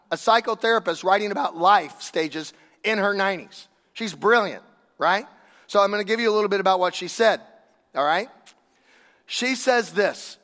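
A man preaches in a loose, conversational way, pressing his points with emphasis and rhetorical questions. His voice sits fairly high for a man. The sound rings with the long reverb of a large hall. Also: fairly bright tone. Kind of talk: sermon.

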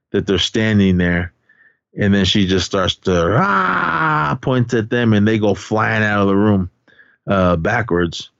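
A man with a lowish voice talks through a film's plot in a loose, rambling way, stumbling over restarts and uh's. The audio is dull and dry, with no room sound. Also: clean tone, no room sound. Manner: rambling, full of fillers and restarts. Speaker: podcast co-host. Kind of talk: casual movie recap.

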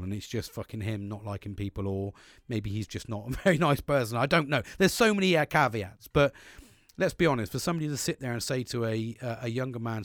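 Young man, podcast host, casual and sweary, medium pitch, dry close sound. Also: no echo. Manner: sweary, frank, conversational. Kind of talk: casual solo podcast monologue.

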